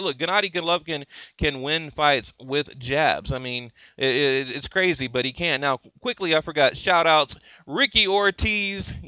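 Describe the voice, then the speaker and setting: A man talking casually to his YouTube viewers about boxing, excitable and rambling, full of fillers and restarts. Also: on the high side, no echo. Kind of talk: casual fan commentary to camera.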